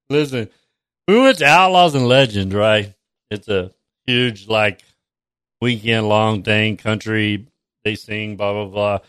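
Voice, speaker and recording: A man's voice: on the low side, slow pace, long pauses, fairly bright tone, clean tone, dry recording, clean studio sound. A man chatting casually on a stream, swearing a lot and laughing often. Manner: laughs often, crude and drawling. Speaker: stream co-host. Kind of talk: casual profane chat.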